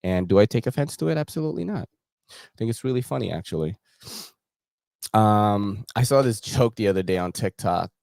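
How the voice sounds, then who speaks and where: A man's voice: on the low side, animated, a little fast, gravelly, darkish tone, no echo, clean studio sound. A young man hosting a casual gear show, chatting in laid-back slang while browsing a website and laughing often.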